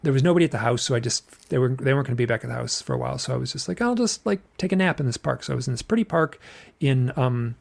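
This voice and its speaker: Middle-aged man, gravelly tone, loose repetitive storytelling, casual podcast guest. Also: mid-range voice, racing. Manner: rambling, repeats phrases, acts out quotes. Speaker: podcast guest recounting an experience.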